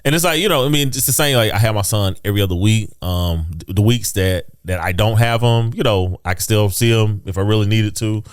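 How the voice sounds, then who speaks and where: A man's voice: lowish voice, a little fast, few pauses, clear, resonant tone, no echo, studio quality. A man co-hosting a podcast in casual chat, earnest and advice-giving. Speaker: podcast co-host.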